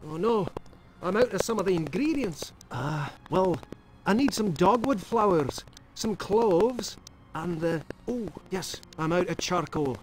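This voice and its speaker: A man's voice: sits high, expressive, unhurried, low-quality recording. An actor playing a kindly, fussy male village herbalist in an adventure game, with a broad stage Scottish accent. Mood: earnest. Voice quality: broad put-on brogue.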